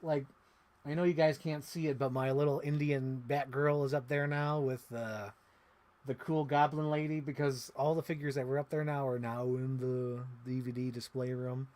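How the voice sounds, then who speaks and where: A man chatting casually on a live stream while unboxing toys, rambling and excitable with lots of "like.". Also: medium pitch, normal speed. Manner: rambling, excitable, heavy use of "like". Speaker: toy collector streamer.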